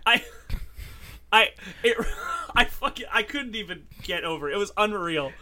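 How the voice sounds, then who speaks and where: A man's voice: high-pitched, moderate pace, a little hiss or hum. A man co-hosting a podcast, chatting casually and telling stories with lots of laughing, restarts and swearing. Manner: animated, laughing storyteller with frequent restarts and swearing. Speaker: podcast co-host. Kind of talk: casual chat.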